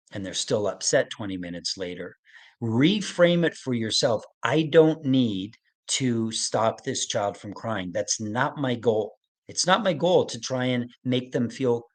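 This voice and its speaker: Male webinar presenter, earnest coaching delivery, average pitch, laughs lightly. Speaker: autism expert giving a webinar. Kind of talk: webinar talk to parents.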